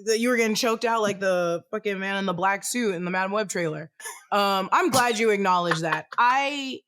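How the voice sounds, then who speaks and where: Excitable co-host, casual chat, mid pitch, laughs a lot, quick apologetic asides. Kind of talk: casual pop-culture discussion.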